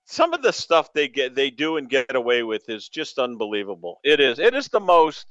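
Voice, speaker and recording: A man from New England hosting a sports radio show, rambling excitably with stammering restarts. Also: medium pitch, moderate pace, dry recording, highs cut off.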